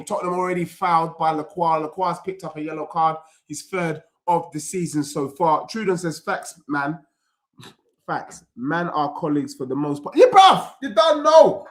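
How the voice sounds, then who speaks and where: A young man hosts a live football watchalong, talking in excitable slang and reading out chat messages. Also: a little high. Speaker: football streamer.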